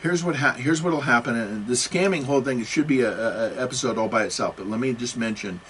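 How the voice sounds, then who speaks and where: A man's voice: mid-range voice, brisk, fairly bright tone, a little hiss or hum. Agitated, rambling man lecturing. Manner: agitated, apologetic, many restarts. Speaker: computer security educator. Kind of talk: self-recorded talk.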